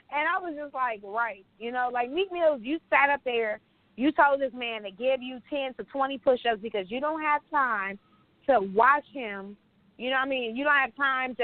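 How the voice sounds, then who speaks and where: A woman's voice: high-pitched, dry recording, phone-quality sound. A woman co-hosting a casual podcast, talking bluntly and telling stories full of slang. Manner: blunt, animated storytelling with slang. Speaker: podcast co-host.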